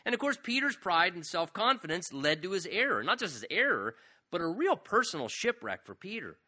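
A man's voice: sing-song, fairly quick, bright, forceful tone. A man preaching a sermon, emphatic and storytelling, acting out quoted lines. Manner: emphatic, acts out quoted lines with rising pitch. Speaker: pastor.

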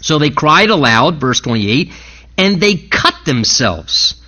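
Animated, high-voiced preaching man. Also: takes it slowly. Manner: animated storytelling, acting out quoted speakers with big pitch jumps. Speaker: pastor. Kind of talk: sermon.

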